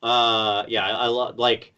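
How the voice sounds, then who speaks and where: A man from the US Midwest with a Midwestern accent, explaining things in a measured way during a casual chat. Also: mid-range voice, little pitch movement, pushed and bright, clear, resonant tone, lo-fi sound. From Ohio, US Midwest.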